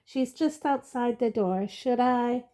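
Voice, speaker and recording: A woman reading aloud, voicing a calm, pleasant old male wizard in a storybook reading. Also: fairly high pitch, pitched above the performer's own voice. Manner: pleasant, measured.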